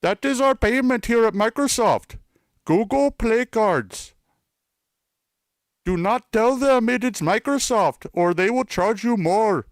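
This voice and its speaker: A man voicing a bossy fake tech-support scammer with a put-on Indian accent, yelling orders and insults. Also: high voice, animated, takes it slowly, no echo, clean studio sound, voice pushed up, full character voice. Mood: shouting bossy.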